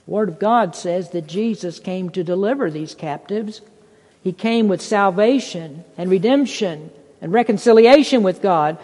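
A mid-pitched preacher delivers a sermon, reading scripture in old-fashioned wording. The voice climbs higher to stress key points. It rings out with a long reverb in a church sanctuary. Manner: reads scripture in King James wording, rises in pitch for emphasis. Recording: long reverb in a large hall.

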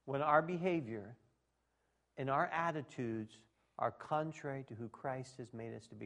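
A man preaching a sermon to his congregation in an animated, folksy way, with speech and shouted exclamations. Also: medium pitch, moderate pace. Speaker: pastor.

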